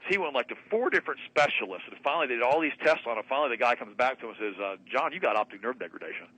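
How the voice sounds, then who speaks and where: Radio guest, male, quick and punchy, bright tone, plays out both sides of a dialogue. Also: medium pitch, lively intonation, slightly rough, low-quality recording. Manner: fast, emphatic, acts out both sides of a conversation. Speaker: radio show guest, health doctor. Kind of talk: animated storytelling on a talk radio show. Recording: radio broadcast.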